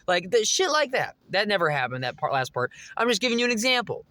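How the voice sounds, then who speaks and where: A man's voice: high voice, sing-song, fast talker, hardly any pauses, pushed and bright, no echo. A young man vlogging, telling a rambling, profane story straight to his viewers. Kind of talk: casual monologue to camera.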